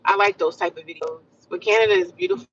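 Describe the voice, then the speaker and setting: An American woman livestreaming chats loosely with viewers, animated and repetitive, calling them honey and sis. Her bright, forceful voice sits on the low side and she talks fast, picked up from a distance by a dull lo-fi mic with faint background noise.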